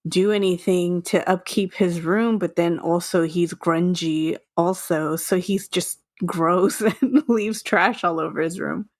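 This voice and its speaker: A woman with a mild Texan accent co-hosting a podcast in casual chat, chatty and quick to laugh, acting out little lines. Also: on the low side. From Texas. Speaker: podcast co-host.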